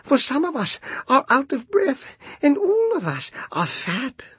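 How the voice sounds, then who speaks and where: A man's voice: very high-pitched, wildly swooping pitch, a little slow, fairly bright tone, no echo, pitched above the performer's own voice, exaggerated voice. A man reading a storybook poem aloud, voicing a chorus of plump, anxious young oysters in a pleading way.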